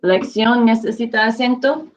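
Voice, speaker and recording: A woman's voice: fairly high pitch, moderate pace, highs cut off. A woman teaching a Spanish class, patiently quizzing students and repeating their answers.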